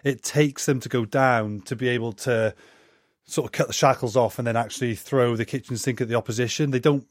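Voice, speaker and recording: Man, pundit, dry close sound, animated explanatory talk. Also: medium pitch, brisk, dry recording. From Wales. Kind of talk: casual chat.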